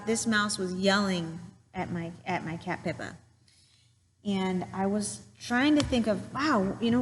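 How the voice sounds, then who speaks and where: Woman teacher, unhurried storytelling lesson for kids, gentle and patient, echo in the room. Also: mid-range voice, a little hiss or hum. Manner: gentle and patient, talks while drawing.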